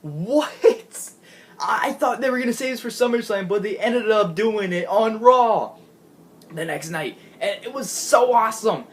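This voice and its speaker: A man giving an excitable, gushing casual recap of a show he watched, laughing often and restarting his sentences. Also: sits high, moderate pace. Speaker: wrestling fan recapping a show.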